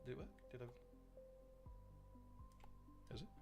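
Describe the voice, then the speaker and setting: A man's voice: unhurried, over music. A man chatting casually to his live-stream audience while gaming, rambling, swearing and greeting viewers by name.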